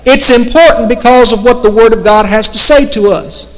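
High-voiced preacher in a reverberant hall. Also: male voice. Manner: slow, emphatic Bible preaching with quoted scripture. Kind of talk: sermon.

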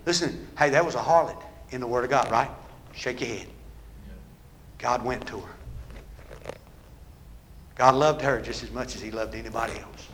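A man preaching a sermon with call-and-response that builds into shouting. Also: mid-range voice, normal speed, long pauses, slight background noise.

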